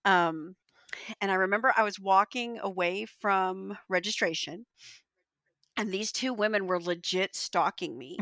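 A woman teacher on a podcast telling a story in an animated way, laughing often. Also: mid-range voice, unhurried, no room sound. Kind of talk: anecdote in casual chat.

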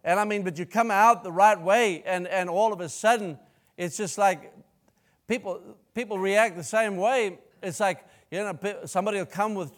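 A man's voice: sits high, moderate pace. A man preaching a sermon in a rambling, self-interrupting way, breaking into outbursts of praise. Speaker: pastor.

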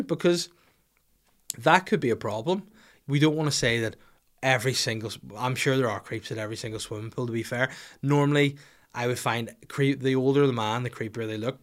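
A man hosting a casual podcast, answering listener questions in a rambling, profane, jokey way. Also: mid-range voice. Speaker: podcast host.

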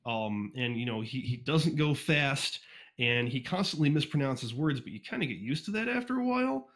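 A man from Northeast Ohio talks in a loose, casual podcast chat. He tends to rush his words and leans on fillers and quick restarts. His voice sits at an everyday middle pitch, picked up cleanly by a USB condenser mic. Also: lively intonation, a bit bright. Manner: fast-talking, informal, frequent fillers and restarts. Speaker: podcast guest, fan audiobook reader. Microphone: USB condenser microphone.

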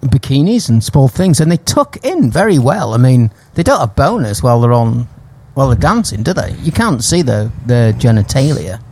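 A man's voice: medium pitch, sing-song, moderate pace, few pauses, darkish tone. A man in casual chat who wisecracks and teases the others, with faint background noise. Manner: wisecracking, teasing, laughing.

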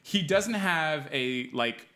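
A man's voice: fairly high pitch, lively intonation, slow pace, pushed and bright. A young man co-hosting a podcast, playful and fond of wordplay in casual chat. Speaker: podcast co-host.

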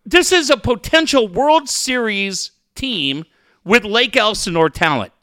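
A man's voice: sits high, expressive, a little slow, sharp tone, dry recording. A man co-hosting a sports podcast, ranting heatedly and swearing constantly. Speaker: podcast co-host. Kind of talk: profane sports radio rant.

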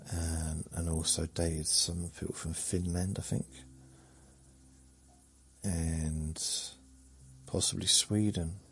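A man, rambling slowly through a meandering bedtime monologue with muttered asides that trail off. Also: low-pitched, a little mellow, husky. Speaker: sleep podcast host.

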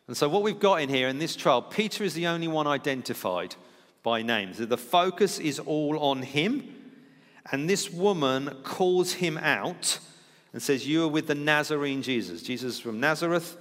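A man's voice: a little high, lively intonation, moderate pace, a bit bright, big-room sound. A man preaching a sermon in a conversational teaching style, acting out the lines he quotes. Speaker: pastor.

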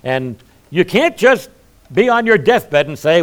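A man's voice: on the high side, wildly swooping pitch, moderate pace. A middle-aged male pastor preaching a sermon, with folksy asides between his points.

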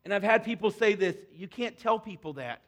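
A middle-aged male pastor preaching a sermon to his congregation, earnest, dropping to soft hushed tones and rising to loud emphatic peaks. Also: high-pitched, animated, fairly quick. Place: church stage before a congregation.

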